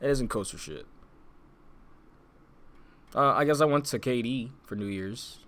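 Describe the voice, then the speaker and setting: A man's voice: mid-range voice, measured pace, fairly bright tone. A young man co-hosting a casual podcast, rambling with lots of fillers, restarts and laughs. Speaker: podcast co-host. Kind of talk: casual chat.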